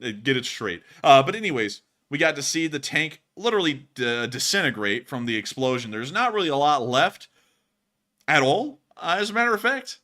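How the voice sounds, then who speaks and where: A man hosting a live-stream war commentary, excited and joking, often laughing. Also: on the high side, normal speed. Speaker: host.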